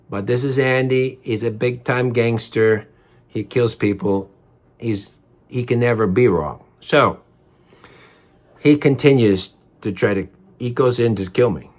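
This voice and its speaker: A man's voice: medium pitch, measured pace, darkish tone. A man telling a personal story in a heated, rambling way, repeating himself and swearing.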